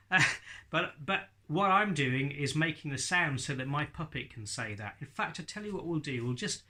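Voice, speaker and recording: A man's voice: a little high, animated, normal speed, pushed and bright. A man teaching ventriloquism in a casual video lesson, chatty and laughing often as he demonstrates sounds.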